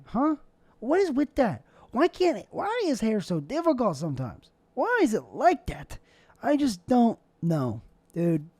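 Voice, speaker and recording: A man's voice: sits high, dark tone, no room sound. A young man hosting his own show, rambling casually from his bedroom at home, joking and putting himself down. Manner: rambling, self-deprecating, jokey. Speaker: show host. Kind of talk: casual solo vlog monologue.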